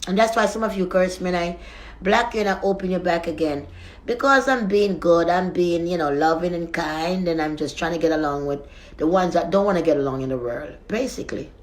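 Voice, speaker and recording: Soft-spoken woman praying and chatting. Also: on the low side, a little fast. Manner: soft, rambling, affectionate reassurance. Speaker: live streamer. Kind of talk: prayer and casual live-stream chat. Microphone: phone.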